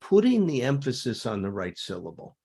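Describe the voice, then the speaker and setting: Husky man with a lively, teacherly voice. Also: medium pitch, brisk. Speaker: host. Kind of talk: discussion of recovery topics.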